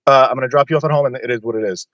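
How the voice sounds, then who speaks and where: A man's voice: mid-range voice, racing, no room sound, highs cut off. A man casually telling a long personal story on a podcast, blunt and swearing freely.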